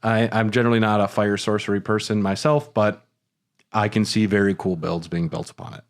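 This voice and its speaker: Low-voiced joking male podcast co-host. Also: steady tone, a little fast. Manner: dry joking asides and pop culture riffs. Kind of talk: casual chat.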